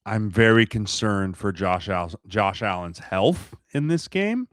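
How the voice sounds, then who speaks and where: A man, a former football lineman, chatting as a podcast guest, animated and laughing, acting out quotes. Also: fairly low pitch, unhurried, no room sound, clean studio sound. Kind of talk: casual sports chat.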